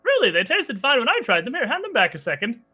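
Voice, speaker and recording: A flamboyant halfling clown woman with a high, bright, showy voice, as a man game master puts her on. She sounds theatrical and boastful, with her pitch swooping up high. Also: huge pitch swings, fast, faint music behind, heavily acted. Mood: playful.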